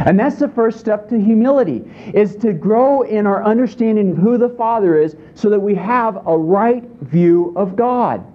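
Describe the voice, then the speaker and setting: A man's voice: high voice, lively intonation, moderate pace, few pauses, phone-quality sound, slight background noise. A man preaching a sermon in a conversational way, often asking his listeners questions. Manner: conversational, asks the congregation questions. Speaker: pastor.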